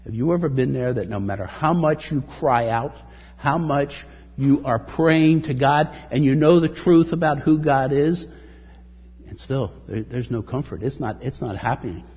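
Breathy husky guy preaching a sermon, kinda muffled, earnest, reads verses out big. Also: medium pitch, normal speed, long reverb tail. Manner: earnest, reads scripture aloud with rising emphasis. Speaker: pastor.

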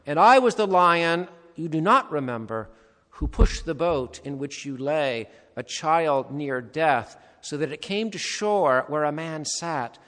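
A man voicing a great lion with a calm, deep and measured voice in a storybook reading. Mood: solemn. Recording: long hall reverb.

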